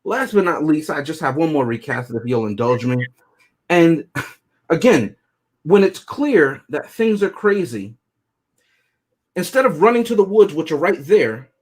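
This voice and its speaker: Husky, joking male movie reviewer. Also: fairly high pitch, big pitch swings, a little slow, pauses often. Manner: joking, chuckles often while talking. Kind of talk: casual podcast review chat.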